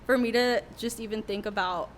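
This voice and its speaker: A woman's voice: mid-range voice, steady tone, fairly quick, a little hiss or hum. A young adult woman, a worship leader who is a podcast guest, telling a candid, emotional story with many fillers in a casual interview.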